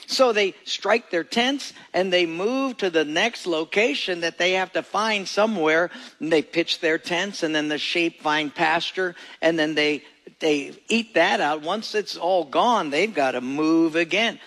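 Male pastor, folksy sermon, gravelly voice, echoey church hall. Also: fairly high pitch, unhurried, a bit bright. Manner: folksy storytelling with jokes.

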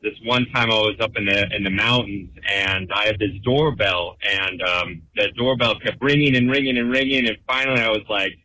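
Bright-voiced, low male caller. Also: moderate pace, hardly any pauses, rough recording. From California. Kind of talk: voicemail anecdote.

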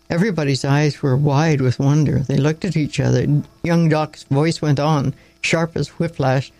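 A man narrating a story aloud in a plain, measured reading with small slips. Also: fairly high pitch, fairly even intonation, darkish tone, no echo, poor audio.

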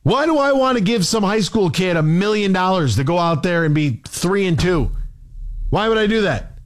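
A fired-up male sports talk host, his voice high for a man and swinging widely as he vents. He fires off rhetorical questions and repeats his points with exasperation. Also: lively intonation, normal speed. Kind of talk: heated opinion rant.

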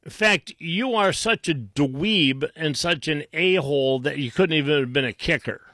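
A man's voice: fairly high pitch, normal speed, bright, forceful tone, no echo, clean studio sound. A man hosting a talk radio show, mocking and combative in tone, with frequent restarts.

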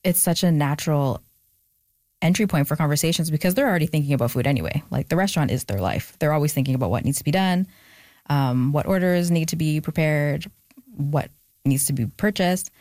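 Low-voiced woman, reflective. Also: fairly quick, darkish tone, dry recording, clean studio sound. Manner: reflective, gets emotional, many fillers. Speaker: author guest. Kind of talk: casual interview chat.

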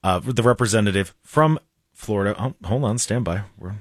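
A man's voice: fairly low pitch, animated, dry recording, clean studio sound. Chatty male talk radio host. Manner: chatty, halting, starts sentences over. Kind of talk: casual talk show banter. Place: radio studio. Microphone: studio microphone.

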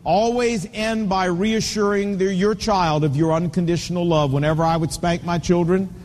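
A man's voice: high-pitched, steady tone, normal speed, darkish tone, big-room sound. A man in his fifties preaching a sermon, telling stories and hammering home points with an emphatic, repetitive cadence. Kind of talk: sermon to men on fatherhood.

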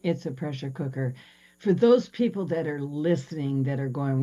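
A woman's voice: low voice, lively intonation, normal speed, mellow, lo-fi sound. A woman hosting a podcast interview, asking long, affirming questions over a remote call. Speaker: podcast host.

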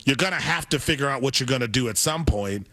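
A man's voice: medium pitch, lively intonation, fast talker, sharp tone, no room sound. A man hosting a sports radio show, chatting casually and animatedly about basketball news.

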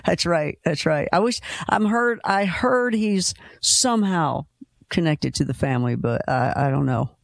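A man with a slight Kentucky accent hosts a call-in radio show in a loose, rambling way. His voice is gravelly and sits a little high. The sound is close and dry. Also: animated, measured pace, no echo. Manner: chatty, rambling, restarts. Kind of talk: casual call-in radio chat.

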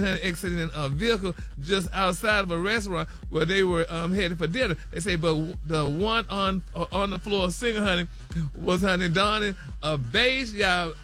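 A man's voice: sits high, pushed and bright. A man hosting a celebrity news segment, dishing gossip in a campy, chatty way and dropping "honey" and "y'all" into every phrase.

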